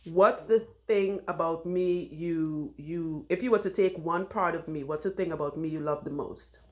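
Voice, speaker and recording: A woman's voice: fairly low pitch, moderate pace, muffled recording. A woman chatting casually while her hair is done, rambling and laughing often, on a clip-on mic. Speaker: loctician and vlogger.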